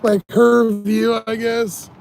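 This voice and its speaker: A man's voice: very high-pitched, flat delivery, slow pace, creaky, darkish tone. A tired man vlogging in a casual, rambling way, swearing often and laughing at his own stories. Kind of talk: casual rambling vlog talk.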